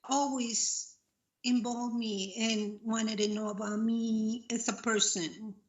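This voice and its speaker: A woman answering interview questions in a soft-spoken, earnest way, heard over video call audio. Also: a little high, steady tone, slow pace, dull audio.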